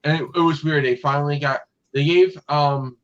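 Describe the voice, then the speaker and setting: A man's voice: fairly high pitch, fairly even intonation, moderate pace, muffled recording. A man hosting a casual fan podcast, talking in a rambling way with lots of fillers and restarts. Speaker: podcast host.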